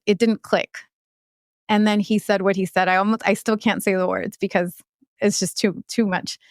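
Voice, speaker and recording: A woman in her thirties, a podcast guest, telling a hard personal story in a halting way, often searching for words. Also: medium pitch, clean tone, no echo, clean studio sound. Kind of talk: emotional interview storytelling.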